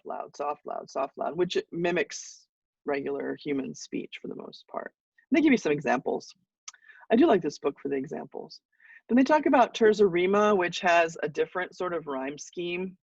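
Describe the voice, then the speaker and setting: A fairly high-pitched man lecturing to a class, easygoing and loose, with plenty of ums and restarts. He sounds set back from the mic, and the sound is muffled and dull. The room is dry. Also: gravelly, no room sound, far from the mic. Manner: relaxed explaining with fillers and restarts. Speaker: college English teacher.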